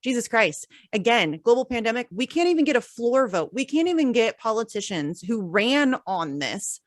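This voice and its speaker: A fired-up woman with a fairly high voice rants through a political chat, blunt and exasperated, cursing freely. Her sound is close and dry, with no room around it. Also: very animated, moderate pace, no echo. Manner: blunt, exasperated, swears often. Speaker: podcast host.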